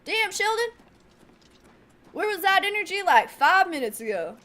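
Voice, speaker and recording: A woman streamer giving casual, animated gaming commentary, exclaiming and laughing often. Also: very high-pitched, moderate pace.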